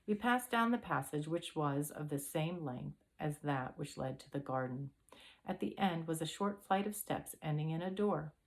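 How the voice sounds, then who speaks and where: Woman narrator, low pitch, steady storybook read. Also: moderate pace. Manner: reads aloud with occasional throat-clearing. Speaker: audiobook reader.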